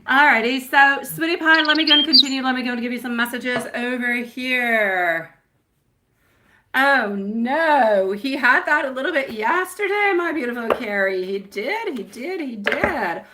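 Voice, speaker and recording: A woman's voice: sits high, expressive, a little slow, background noise. A French woman hosting a live tarot reading, addressing viewers affectionately with pet names. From France. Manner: affectionate, calls viewers sweetie pie. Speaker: tarot reader.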